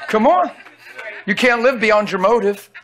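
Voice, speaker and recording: A preacher with a high, bright voice delivers a lively sermon in a folksy, emphatic way. He keeps checking in with his listeners, pressing each point home. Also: unhurried. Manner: emphatic, calls out to the audience, folksy.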